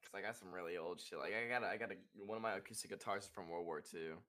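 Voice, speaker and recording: Against a crowd in the background, a young male musician talks very fast as a podcast guest. The conversation is casual and rambling, full of filler words and swearing, with a demonstration of singing in high falsetto.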